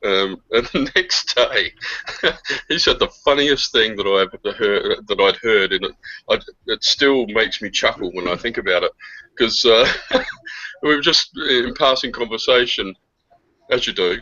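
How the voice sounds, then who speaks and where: A man's voice: lowish voice, measured pace, sharp tone. A man co-hosting a casual online chat show, rambling through anecdotes and laughing often at his own stories over lo-fi call audio. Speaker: podcast co-host.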